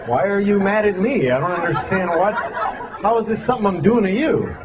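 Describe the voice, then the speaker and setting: A man's voice: high-pitched, animated, a little fast, noisy background. A man doing stand-up comedy, riffing in an exasperated, profane way. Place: comedy club stage. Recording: live club set, loud crowd. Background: loud audience laughter.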